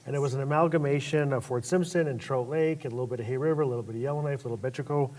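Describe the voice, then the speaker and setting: A man telling stories on a panel at a lecture event, lively and acting out voices of the people in his stories. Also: medium pitch, very fast. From Northwest Territories, Canada. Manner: animated storyteller who acts out voices. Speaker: panel guest author. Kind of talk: storytelling on a panel.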